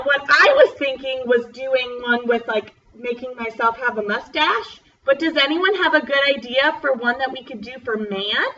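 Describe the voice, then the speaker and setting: A young woman teaching a first grade class over a video call, slowly spelling out words in a bubbly, encouraging way. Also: sits high, bright, forceful tone, dull audio, slight background noise. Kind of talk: online class lesson.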